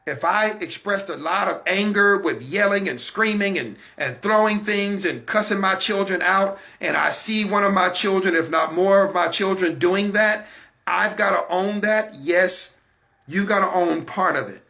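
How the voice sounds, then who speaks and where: A man's voice: high-pitched, a little slow, gravelly, sharp tone. An American man hosting a Christian broadcast, giving an emphatic, repetitive sermon-like talk straight to his listeners. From United States.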